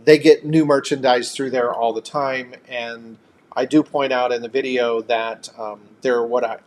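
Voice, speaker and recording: A man's voice: mid-range voice, fairly even intonation, unhurried, slight background noise. A man co-hosting a casual live-stream chat, talking at length and reading out viewer comments with thanks.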